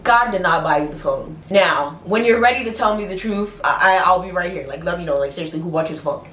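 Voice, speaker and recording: A young woman telling a story to her viewers in casual chat, animated, swearing and mimicking the people she talks about. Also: on the low side, fast, few pauses, distant mic, slight background noise. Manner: animated, swearing, mimics others, laughs a lot. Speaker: vlogger. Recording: roomy echo, a bit off-mic.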